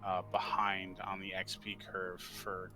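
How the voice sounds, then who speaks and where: A man in a tabletop session reasoning through the group's next move step by step. His voice is low but bright and forceful. Faint music hums in the background. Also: monotone, measured pace, low-quality recording. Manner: reasoned, lays out plans step by step. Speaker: player. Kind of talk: casual game-table chat.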